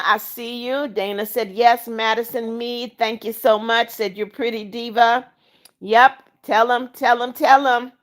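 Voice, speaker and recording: A middle-aged woman runs her livestream, reading out viewer comments and welcoming people by name. Her voice sits a little on the high side. She moves between friendly greetings and firm warnings about the rules. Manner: firm and scolding when enforcing rules; warm, religious greetings to viewers. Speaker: livestream host. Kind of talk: reading out live chat comments.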